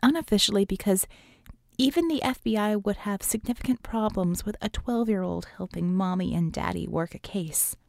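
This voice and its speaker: A woman's voice: medium pitch, normal speed, creaky, darkish tone, no echo, studio quality, natural voice. A woman reading an audiobook, voicing a frank, tough young woman mage who talks in a chatty, offhand way.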